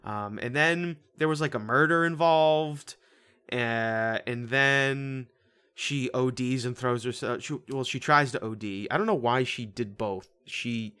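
A man's voice: mid-range voice, bright, forceful tone, clear, resonant tone. A man chatting loosely about a film. He stammers, restarts and drifts, with easy swearing thrown in. He has an ordinary mid-range voice. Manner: rambling, halting, swears casually. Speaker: podcast co-host. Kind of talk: casual movie review chat.

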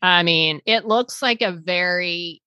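A woman co-hosting a podcast, chatting casually in an animated, rambling way. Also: fairly low pitch, slow pace, clean tone, no echo, dull audio. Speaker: podcast co-host. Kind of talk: casual chat.

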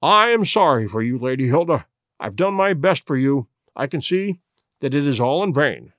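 A man reading an audiobook, playing a cool, commanding detective who speaks in a measured, authoritative way. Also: medium pitch, expressive, fairly bright tone, no echo, studio quality, lightly acted. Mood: firm.

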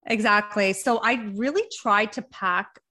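A woman's voice: mid-range voice, unhurried, pushed and bright. A woman from Canada, a podcast guest, chatting in a giggly, upbeat way. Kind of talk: casual interview chat.

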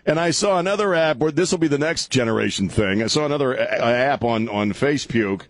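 Speaking briskly at a medium pitch into a studio mic with no room sound, this middle-aged talk radio host rambles through casual, jokey banter. He's animated, laughing a lot and using plenty of filler.

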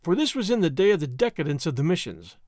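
Male storyteller with a lively, high voice. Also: fast, dry recording, studio quality. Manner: dramatic storytelling. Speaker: audiobook narrator. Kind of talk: scripted narration.

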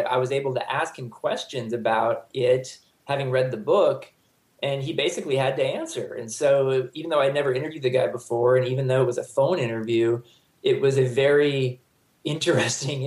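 A man's voice: mid-range voice, a little mellow. Man in a roomy space, talking soccer. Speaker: soccer journalist. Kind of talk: casual panel chat.

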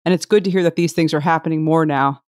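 Woman host, polished and measured, dry close sound. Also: low voice, steady tone, no room sound. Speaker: podcast host. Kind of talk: scripted interview questions.

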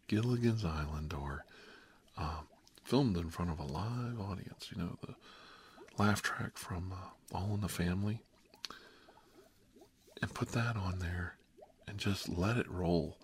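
A man telling a rambling comic story in an animated, wry way, with hushed, whispery asides and many repeated words. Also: low-pitched, a little hiss or hum. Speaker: comedic monologist.

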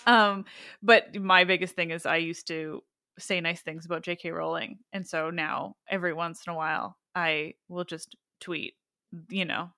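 A woman's voice: lowish voice, steady tone, moderate pace, vocal fry, sharp tone, dry recording, clean studio sound. A woman hosting a podcast in casual chat, bubbly and enthusiastic, laughing often. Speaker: podcast host.

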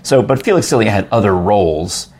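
Chatty man with a husky, lively voice. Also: a little fast. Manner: chatty, rambling storyteller with lively pitch swings. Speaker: podcast host. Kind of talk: casual chat.

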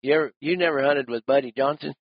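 Folksy old-timer spinning a hunting yarn. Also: male voice, medium pitch, quick pace, no room sound. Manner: folksy, laughing, drawling rural talk. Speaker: rancher and lion hunter. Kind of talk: casual storytelling. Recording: dull lo-fi sound.

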